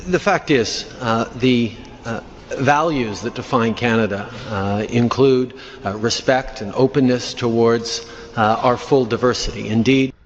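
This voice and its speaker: Brief: male politician at press conference, halting with pauses, dull archive clip, faint hiss. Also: medium pitch. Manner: halting, many filler pauses.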